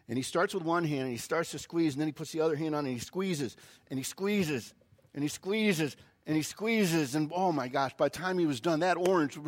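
Folksy storytelling male pastor. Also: on the high side. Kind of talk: sermon with an opening story.

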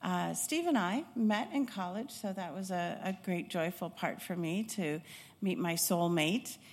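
A middle-aged woman from Chicago, a former pediatric nurse and instructor, tells her life story in a reflective, unhurried way, often pausing with hesitations. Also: lowish voice. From Chicago, United States. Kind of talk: personal life-story talk. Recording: long hall reverb.

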